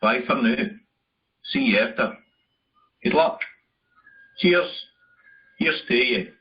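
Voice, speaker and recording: A man reads greetings and phrases aloud in a slow, deliberate, even way. The sound is muffled, as if it were played back through speakers. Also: medium pitch, faint music behind. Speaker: narrator of a language video. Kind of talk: reading a phrase list. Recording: muffled video playback.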